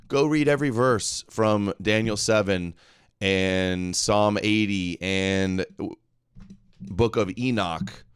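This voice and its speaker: Sarcastic low-voiced male host. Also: smooth, no echo, clean studio sound. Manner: sarcastic, exasperated. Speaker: show host. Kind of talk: casual commentary reacting to a clip.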